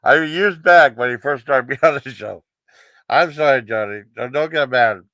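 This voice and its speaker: A man reviews TV comedy sketches in loose, rambling casual chat, packed with fillers and giggly asides. His medium-pitched voice sounds pushed and bright at normal speed, in a dry, close recording with no room sound.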